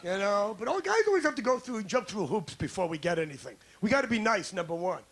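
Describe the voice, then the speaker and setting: Brash high-voiced American comedian. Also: male voice, sing-song, fast talker, a bit bright. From United States. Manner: brash, crude, riffing with the crowd. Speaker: stand-up comedian. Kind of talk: stand-up routine. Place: comedy club stage.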